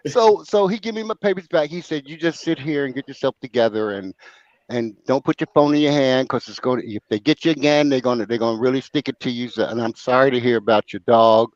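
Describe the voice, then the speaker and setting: Speaking quickly in a mid-range voice, an older man hosting a talk show animatedly recounts a comic tale, bursting into laughter and performing different voices. No echo; the audio is dry, dull, and lo-fi.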